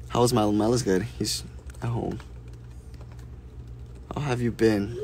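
Reading viewers' questions aloud before replying, a soft-spoken man chats casually and without hurry on a live stream. He has a medium-pitched voice, with slight background noise in the recording.

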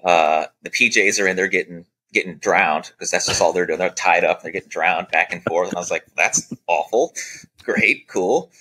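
On a podcast, a former Air Force special operator casually tells a military training story in a low voice, fairly quick and with hardly any pauses. He's an animated anecdote-teller, acting out what people said and using many "you know" fillers.

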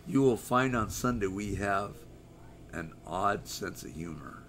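A man's voice: fairly low pitch, expressive, a little slow, a bit bright, a little hiss or hum. A middle-aged American man hosting a live stream, rambling and joking as he reads viewer chat aloud in casual talk. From United States.

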